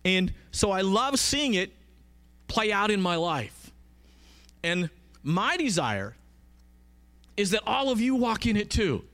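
A man's voice: high voice, very animated, slow pace, pauses often, a bit bright. A man preaching a conversational sermon, emphatic and often asking his listeners questions.

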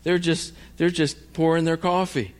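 A man's voice: a little high, fairly even intonation, measured pace. A middle-aged man, a missionary preacher, telling a story in a sermon and acting out every voice in it.

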